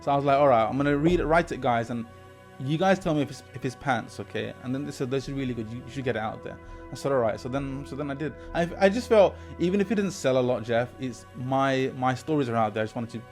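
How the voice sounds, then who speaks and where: Fast-talking man telling stories. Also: medium pitch, soft background music. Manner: animated anecdotes, quoting people with lively voice shifts. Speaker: teacher and podcast host. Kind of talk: casual storytelling in an interview.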